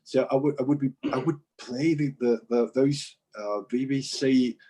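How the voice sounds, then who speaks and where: A Mexican man, a musician and composer, speaking English with a faintly British lilt as a guest in a casual interview, relaxed and hesitant. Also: mid-range voice, moderate pace, slightly rough. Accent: slightly British-sounding English. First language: Spanish. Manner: relaxed, hesitant with many fillers.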